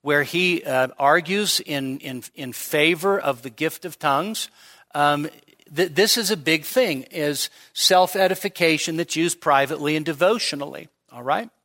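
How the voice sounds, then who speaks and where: A man's voice: a little high, unhurried, fairly bright tone. A male pastor giving a midweek teaching sermon, explaining step by step and often checking in with his listeners.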